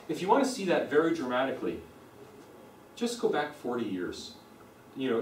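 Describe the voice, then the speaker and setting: A man's voice: medium pitch, darkish tone, distant mic, slight background noise. American man lecturing in a roomy hall. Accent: General American. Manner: explanatory, repeats points for emphasis. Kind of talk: university lecture. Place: lecture room. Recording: roomy echo, speaker away from the mic.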